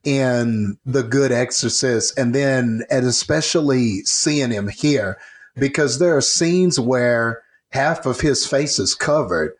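A man hosting a casual interview, talking in a measured, appreciative way with frequent "you know"s. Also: medium pitch, vocal fry.

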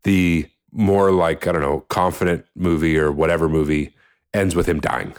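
A man co-hosting a casual movie podcast, giving calm, measured takes with a wry edge. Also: deep voice. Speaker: podcast co-host.

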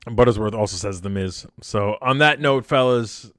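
A man's voice: on the low side, normal speed, fairly bright tone, dry recording, studio quality. A man hosting a casual podcast, talking in an easygoing way as he signs off the show. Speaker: podcast host. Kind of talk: casual chat.

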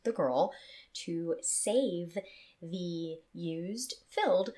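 A young woman telling frank stories in casual podcast chat, animated and quick, often breaking into laughter. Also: lowish voice. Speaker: guest storyteller.

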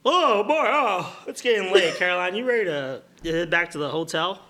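A man's voice: high voice, animated, normal speed, bright, forceful tone, voice pushed up. An improviser voicing a chummy male friend calling it a night, in an improv comedy scene. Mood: hearty. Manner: hearty, exclaiming.

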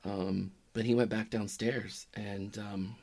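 A middle-aged man telling a personal story in a halting, reflective way that often trails off quietly. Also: fairly low pitch, level tone, gravelly, dry recording. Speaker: podcaster telling his own story.

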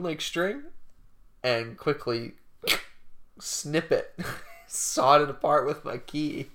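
A man's voice: mid-range voice, vocal fry, fairly bright tone. A young man hosting a casual podcast, telling a story in a rambling way full of "like" and laughs. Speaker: podcast host. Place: bedroom.

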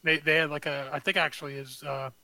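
Male storyteller, higher pitch, bright and flat, dry close sound. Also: fast talker, no room sound, low-quality recording. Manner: loose, filler-heavy and blunt. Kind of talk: casual storytelling.

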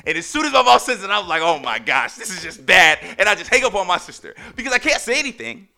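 Young guy hosting a podcast, super lively pitch, bright voice, slangy laid-back storytelling. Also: quick pace, creaky, faint music behind. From Texas. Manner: animated, talks in loose slang with lots of "like" and "right?". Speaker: podcast host. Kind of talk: casual storytelling.

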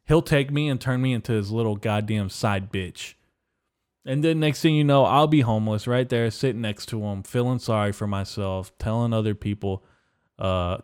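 A young man riffs through a comedic podcast rant, swearing constantly and sounding mock-outraged as he rambles from one gripe to the next. His voice sits on the low side and comes through smooth and resonant. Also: moderate pace, darkish tone. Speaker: podcast host.

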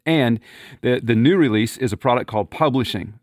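A man co-hosts a podcast in an animated, rambling way, laughing and restarting his sentences. His voice sits at a middle pitch and sounds dry and close. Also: fairly quick, no room sound. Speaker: podcast co-host. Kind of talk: casual podcast chat.

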